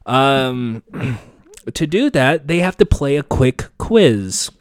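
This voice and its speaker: A man's voice: mid-range voice, big pitch swings, slow, clean tone, dry recording. Sarcastic, swearing male podcast host. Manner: candid, sarcastic, swears freely. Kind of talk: casual chat.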